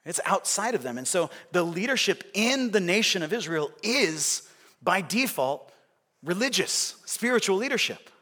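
A man's voice: high voice, sing-song, moderate pace, bright, forceful tone. A man preaching a sermon as a pastor, conversational and often checking in with his listeners. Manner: conversational, asks the audience questions.

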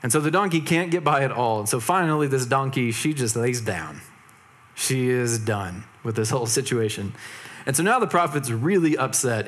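A preacher man retelling a story casually. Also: mid-range voice. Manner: relaxed, humorous asides and slangy retellings.

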